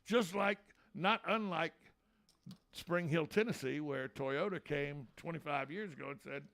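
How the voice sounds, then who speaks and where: A man's voice: a little high, measured pace, vocal fry, fairly bright tone. A man hosting a local radio talk show, folksy, joking and opinionated.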